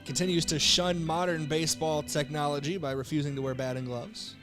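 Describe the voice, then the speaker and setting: A young man from South Dakota calling baseball play-by-play with relaxed, joking banter between pitches while fighting the hiccups. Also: brisk, over music. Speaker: play-by-play announcer.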